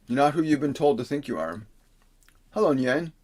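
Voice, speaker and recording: A man of middle pitch hosts a livestream as a spiritual teacher, reading viewers' questions aloud. He answers in a calm, coaxing way, and at times slows into a solemn, preacher-like delivery. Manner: reads viewer questions aloud and gives slow, soothing instructions.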